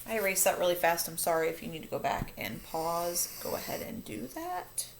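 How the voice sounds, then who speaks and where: A woman's voice: on the low side, big pitch swings, brisk, creaky. Woman teacher doing a phonics lesson, upbeat + patient, faint background hiss. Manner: upbeat, patient, self-correcting.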